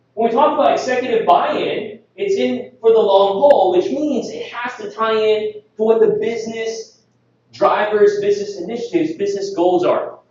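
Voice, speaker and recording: High-voiced man speaking in an echoey hall. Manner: energetic, rhetorical questions to the audience. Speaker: conference speaker. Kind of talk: conference presentation. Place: conference hall. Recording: echoey hall, distant mic, dull.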